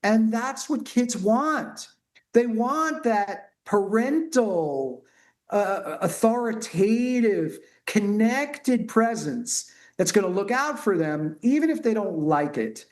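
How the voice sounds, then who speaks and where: A middle-aged male pediatrician talking earnestly and haltingly with many restarts in a conversation. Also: high-pitched, animated. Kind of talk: conversational interview talk.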